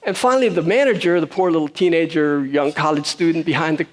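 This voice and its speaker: A man's voice: a little high, fast. A man giving a conversational sermon to a room of about seventy people, telling a story in an easygoing way, with fillers and restarts. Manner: storytelling, easygoing, with fillers and restarts, rising loud when retelling shouting. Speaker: speaker at a spiritual community.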